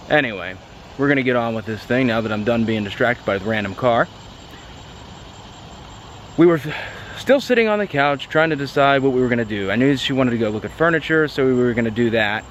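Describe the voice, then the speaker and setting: A man tells a personal story straight to the camera, chatty and excitable, full of "like" and restarts. His voice sits at an ordinary middle pitch, with a faint hiss of noise underneath. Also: brisk. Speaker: car vlogger.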